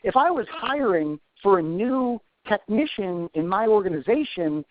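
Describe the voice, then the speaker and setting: A man's voice: sits high, sing-song, normal speed, dry recording. A man in his forties, an instructor answering questions in a live webinar, chatty with self-deprecating asides. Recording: tinny phone-like dry sound.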